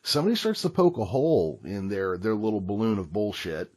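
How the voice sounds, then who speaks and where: A man's voice: on the low side, sing-song, a little fast. A man co-hosting a casual podcast chat, talking things through in a loose, swearing way. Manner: talkative, reflective, swears casually. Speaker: podcast co-host.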